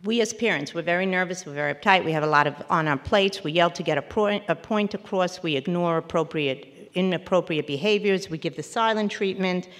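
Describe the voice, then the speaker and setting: Woman therapist, parenting workshop lecture, earnest, lowish voice, long hall reverb. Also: brisk, few pauses. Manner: earnest, emphatic, breaks off and restarts mid-word.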